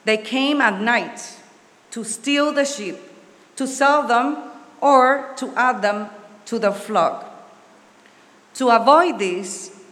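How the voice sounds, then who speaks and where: Woman pastor, preaching real slow, kinda high voice, long church-hall reverb. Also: a bit bright. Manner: slow, earnest, with small restarts. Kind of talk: sermon and prayer. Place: church sanctuary.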